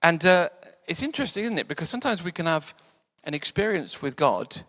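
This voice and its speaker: A man preaching a sermon in a church, conversational and playful, sometimes dropping to soft quiet tones. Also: on the high side, very animated, a little fast. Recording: church hall reverb.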